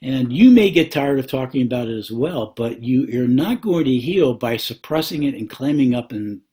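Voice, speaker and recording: An earnest man talking to camera about marriage in the manner of a Christian counselor. He speaks slowly, pauses often and piles up repeated words for emphasis. His voice sits at an ordinary middle pitch. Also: expressive, dark tone. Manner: slow, with many pauses and fillers. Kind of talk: advice talk to camera.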